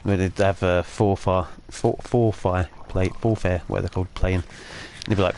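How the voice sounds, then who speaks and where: A man with a lowish voice banters through a gaming stream, joking and rambling with plenty of fillers. Faint noise sits under the recording. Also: fairly even intonation, moderate pace, few pauses, a little mellow. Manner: joking, chatty, with frequent fillers. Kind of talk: casual gaming chat.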